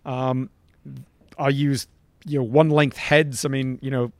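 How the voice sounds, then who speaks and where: A middle-aged golf coach appearing on a podcast tells stories emphatically, checking in with "right?" as he goes, in animated conversational anecdote-telling. His medium-pitched voice shows little pitch movement, unhurried, with no echo.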